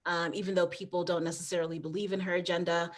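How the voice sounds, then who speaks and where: An American woman, a trail runner and author, is a guest in a casual interview, rambling with frequent restarts and fillers and laughing easily. Her voice sits on the low side with little pitch movement, and she speaks quickly.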